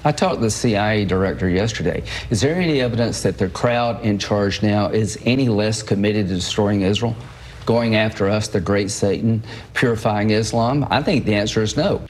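A man's voice: lowish voice, moderate pace, a little mellow, slight background noise. A man, a senator, speaking in a televised interview with firm, emphatic questions.

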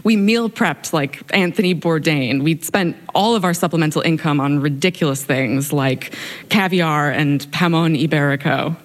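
Low-voiced young woman telling a wry story. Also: moderate pace. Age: young adult. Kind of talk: live personal storytelling. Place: stage before an audience.

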